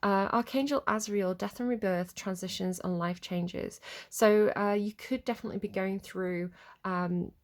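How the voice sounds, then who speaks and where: A woman's voice: medium pitch, fairly even intonation, moderate pace. A woman giving a casual collective tarot reading to camera, chatty and rambling with lots of filler words. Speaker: tarot reader.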